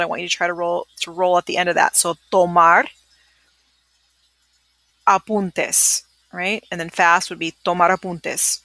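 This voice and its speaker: A woman teaching a recorded vocabulary pronunciation lesson. She says each word slowly, then repeats it at natural speed, and asks listeners to say it back. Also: on the low side, bright, forceful tone, no room sound. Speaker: Spanish teacher.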